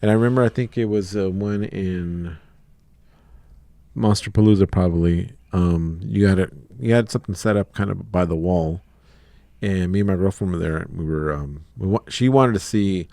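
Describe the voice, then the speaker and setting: A man's voice: sits low, normal speed, creaky, mellow, dry recording. A man hosting a podcast interview, telling stories in a rambling, casual way with quoted asides. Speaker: podcast host.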